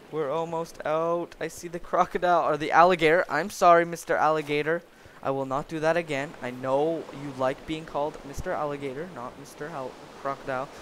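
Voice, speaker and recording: A young man giving excitable, rambling commentary while playing a block-building game and joking with the creatures he meets. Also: fairly high pitch, background noise. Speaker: gaming video creator. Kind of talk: Minecraft let's play commentary.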